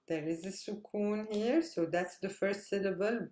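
A woman's voice: mid-range voice, measured pace, few pauses, dark tone, reverberant. A woman teaching a language lesson, patiently spelling out letters and repeating each word. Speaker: Arabic teacher. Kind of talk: slow explanatory lesson.

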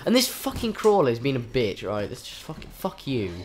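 A man's voice: medium pitch, huge pitch swings, brisk, slight background noise. A man commentating his own game live, swearing often, with frustrated outbursts and panicked yelps. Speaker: gaming channel host.

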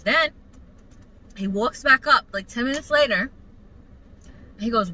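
A young woman vlogger telling a work story to her mother in casual, animated, profane talk. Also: fairly high pitch, a little slow, slight background noise, low-quality recording.

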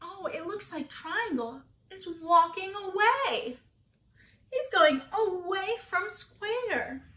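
A woman's voice: extremely high pitch, expressive, slow pace, bright, forceful tone, reverberant. A woman teacher reading a picture book aloud to children, asking them questions and gasping for effect.

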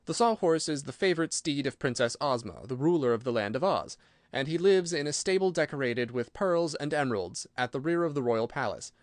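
A man's voice: a little high, animated, brisk, dry recording, studio quality, lightly acted. A man voicing a gallant, courteous scarecrow stuffed with straw, polite and eager in a storybook. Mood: courtly.

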